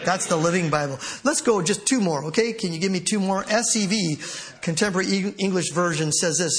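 A man preaching a sermon as pastor, animated and often laughing as he reads scripture aloud. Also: sits high, a little fast.

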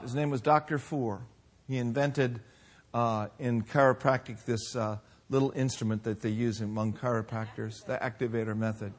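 A man in his sixties preaching a sermon, telling folksy personal stories with humor and lively emphasis. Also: medium pitch. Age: 60s. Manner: folksy storytelling, animated with laughs. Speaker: pastor.

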